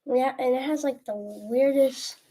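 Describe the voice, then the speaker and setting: Young woman on a live stream, higher voice, kinda husky, asks lots of questions. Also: unhurried, warm tone. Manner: curious, asks short questions. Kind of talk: casual chat.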